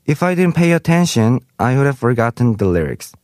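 A man's voice: medium pitch, sing-song, a little fast, a little mellow, no room sound, clean studio sound. A man teaching Korean vocabulary in English. He reads example sentences aloud and translates each one. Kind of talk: explaining vocabulary.

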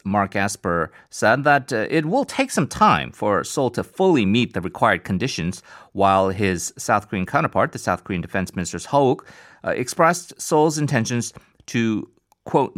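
A man's voice: fairly low pitch, fairly bright tone. A man hosting a radio interview, introducing the guest and framing questions in a conversational way, with frequent filler sounds.

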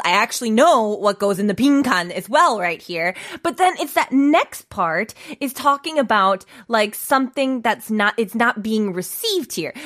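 A woman's voice: a little high, a bit bright. A young woman co-hosting a radio show in a studio, chatting casually and laughing often as she stumbles over song lyrics.

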